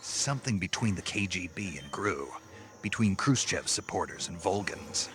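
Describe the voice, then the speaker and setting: An actor playing a hardened male special-forces agent in a video game, speaking tersely and gruffly. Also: sits low, expressive, moderate pace. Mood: grim. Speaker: game character.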